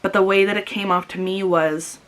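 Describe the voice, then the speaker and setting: A young woman vlogging about her grief, speaking while crying, halting and repeating herself. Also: medium pitch, fairly even intonation, fairly bright tone, rough recording. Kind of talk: personal confessional vlog.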